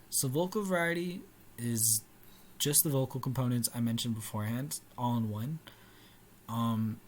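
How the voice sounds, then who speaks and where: A man's voice: mid-range voice, slight background noise. A young man giving an informal class presentation, casual, with fillers and restarts. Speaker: student presenter.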